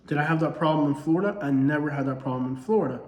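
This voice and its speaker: A man's voice: a little high, rapid-fire, a little mellow, echoey room. A man with a Southern accent, a comedy creator speaking in a casual commentary monologue, earnest and full of rhetorical questions. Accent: Southern US, Alabama-tinged.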